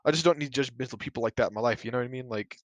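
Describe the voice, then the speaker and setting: A man hosts his own casual podcast and talks bluntly, swearing freely and sliding into heated rants. His pitch sits in an ordinary middle range, and the voice sounds dry and close with no room echo. His speech is loose and full of fillers like "you know" and "like.". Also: rapid-fire, muffled recording. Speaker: podcast host. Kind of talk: casual solo podcast rant.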